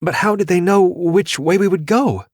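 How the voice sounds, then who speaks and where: A frightened pregnant young woman speaks in anxious, pleading bursts, as a male audiobook narrator lifts his low voice to play her. The recording is dry and close. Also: moderate pace, a little mellow, breathy edge, no echo. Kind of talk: audiobook dialogue.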